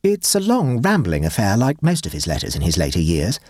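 A man voicing Egbert, an earnest, fussy young English gentleman who speaks in a raised, excitable voice. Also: brisk, dry recording, studio quality. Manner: earnest, excitable, pitch rising.

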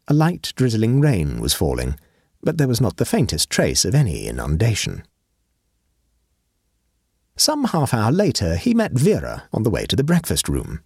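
A man narrating a classic humorous short story in a wry, measured manner. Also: lowish voice, darkish tone, husky, no echo, studio quality.

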